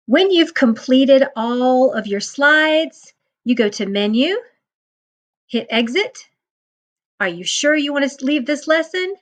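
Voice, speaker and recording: A woman teacher recording a self-paced phonics lesson, explaining syllable division step by step and sounding out words slowly and patiently. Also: sits high.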